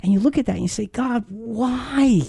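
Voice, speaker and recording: A man's voice: sits high, racing, vocal fry, warm tone, husky, dry recording, clean studio sound. A man in his fifties hosting a Bible teaching show, telling a painful story in a heartfelt, earnest way. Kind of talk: earnest devotional talk.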